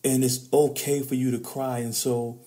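Mellow-voiced man preaching about emotions. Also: medium pitch, little pitch movement, moderate pace. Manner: preacherly, rises to emphatic peaks, addresses host as brother. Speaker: author and men's trainer, guest. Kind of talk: podcast interview.

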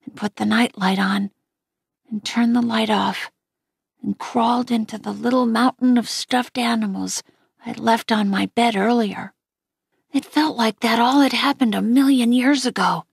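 Slow, husky woman reading a novel quietly. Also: fairly high pitch, fairly even intonation, no echo, studio quality. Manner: quiet, gentle, often near a whisper. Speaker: audiobook reader. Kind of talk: first-person novel reading.

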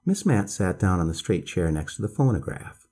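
A man calmly reading a bedtime story aloud as narrator, in a measured storytelling voice. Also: low-pitched, breathy edge.

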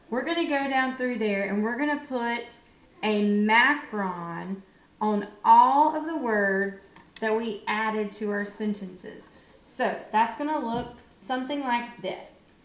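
Young woman teacher, fairly high voice, unhurried encouraging phonics lesson, roomy echo. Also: animated. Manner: slow, encouraging, sounds words out with pauses. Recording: echoey room.

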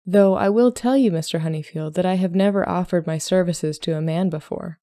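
A woman voicing a proud, sharp-tongued young Regency lady who speaks in clipped, formal phrases. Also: fairly low pitch, fairly quick, no echo, clean studio sound, lightly acted. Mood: indignant. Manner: clipped, flustered, formal period speech.

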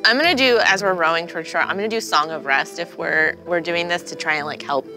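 A woman playing a tabletop game, talking fast in a coaxing, soothing way. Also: lowish voice, bright, forceful tone, faint music behind. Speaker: player. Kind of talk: casual tabletop play.

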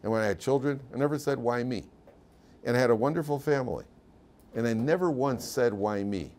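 A man quoting a gracious woman in her fifties, gravely ill, speaking in a steady, matter-of-fact way. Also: medium pitch, brisk, lightly acted. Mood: calm.

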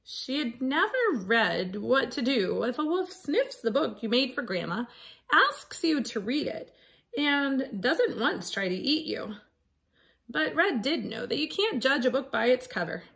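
A woman reading a picture book aloud to children in a slow, animated storytelling voice. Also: high-pitched, vocal fry. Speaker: storybook reader.

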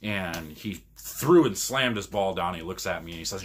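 A man's voice: low voice, moderate pace. A man from Michigan, a podcast co-host, rambling through casual stories and laughing often. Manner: rambling, laughs often, animated when retelling arguments. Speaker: podcast co-host and pro bowler. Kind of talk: casual storytelling.

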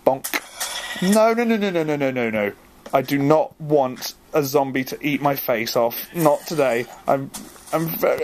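Excitable young man gaming. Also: medium pitch, measured pace, a little hiss or hum. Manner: excitable, jokey, easily flustered, self-mocking. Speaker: gaming video host. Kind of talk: casual let's-play commentary.

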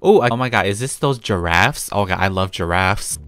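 A man's voice: sits low, expressive, a little fast, a bit bright. A man giving casual gameplay commentary as a gaming YouTuber, giggly and mischievous and laughing often.

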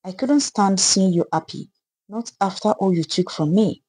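A woman's voice: mid-range voice, normal speed, mellow, slightly rough, no room sound, lightly acted. A woman voicing a bitter, vengeful aunt who speaks in a hard, unrelenting way. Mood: cold.

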